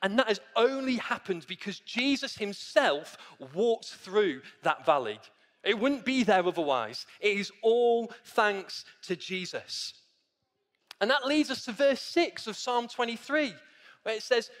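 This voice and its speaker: A man's voice: high-pitched, expressive, measured pace, a bit bright, big-room sound. A man preaching a sermon in a church, earnest and repetitive, calling his listeners friends and guys. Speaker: pastor.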